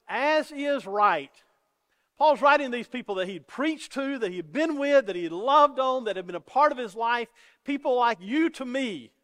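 Pastor delivering a sermon: man with a high voice, earnest and repetitive, echoing sanctuary sound. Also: fairly bright tone. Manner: earnest, repeats words when starting sentences. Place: church sanctuary. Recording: long reverb of a church hall.

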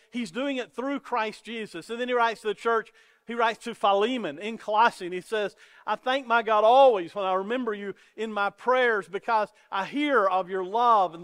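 A man's voice: sits high, fairly bright tone. A man preaching a sermon as pastor, earnest, often repeating words as he starts a sentence. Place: church sanctuary. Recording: long reverb of a church hall.

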